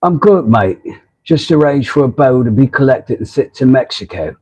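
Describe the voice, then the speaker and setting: A man voicing a cheery English man from his chat, in a deliberately bad mock English accent. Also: mid-range voice, animated, a little mellow, husky, voice pushed up. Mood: breezy.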